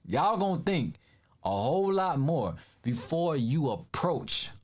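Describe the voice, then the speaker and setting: A man's voice: on the high side, big pitch swings, slow. A man giving casual reaction commentary, emphatic and slangy, laughing often.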